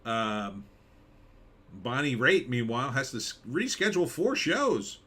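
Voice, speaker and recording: A man's voice: medium pitch, big pitch swings, unhurried, pushed and bright, slightly rough. Sarcastic man hosting a live stream. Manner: sarcastic, jumps into mocking skits and pirate voices. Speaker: live stream host reading chat. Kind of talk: casual live stream commentary.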